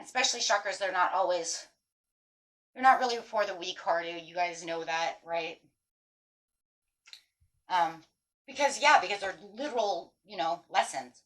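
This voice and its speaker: A woman giving a casual tarot reading, talking straight to her viewers in an animated, emphatic way and swearing now and then. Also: on the low side, a little slow, long pauses. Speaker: tarot reader.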